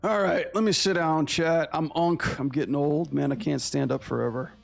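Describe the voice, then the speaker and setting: A man who animates and streams, chatting casually with his viewers in a relaxed, slangy way over faint guitar music. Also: on the high side, moderate pace, creaky. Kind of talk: casual livestream chat.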